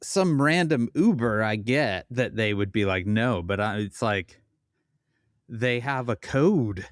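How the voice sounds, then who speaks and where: A man's voice: lowish voice, expressive, takes it slowly, no echo, clean studio sound. A man co-hosting a podcast in casual chat, reading items aloud and giving brief, amused replies. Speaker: podcast co-host.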